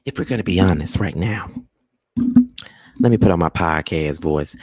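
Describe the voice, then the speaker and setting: A man hosting a live celebrity gossip chat, sassy and animated, scolding with sudden high exclaims and drawling "child" and "honey". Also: slow, long pauses, slightly rough, no echo. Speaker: gossip show host.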